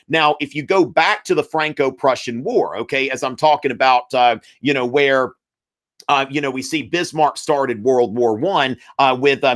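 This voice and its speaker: A man's voice: a little high, fairly bright tone. A man, hosting a live-streamed history review, chatty and full of fillers, calling the viewers y'all.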